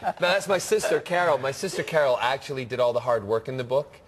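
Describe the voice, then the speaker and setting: A man's voice: medium pitch, expressive, fast talker, background noise. A Scottish-born man in his forties, speaking with an American accent, chatting as a TV studio guest with frequent laughs and restarts. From Scotland. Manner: bubbly, laughs often, chatty with many restarts. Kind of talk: casual chat.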